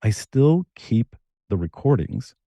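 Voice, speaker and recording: A middle-aged man from Connecticut, a screenwriter and novelist, talking as a guest in a casual interview, telling stories in animated, quick bursts. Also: medium pitch, creaky, no room sound.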